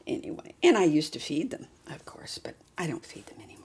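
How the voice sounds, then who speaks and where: A woman hosting a doll vlog in casual chat, cooing softly to a doll and often dropping to a half-whisper. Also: sits low, very animated, fast. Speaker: doll collector and channel host.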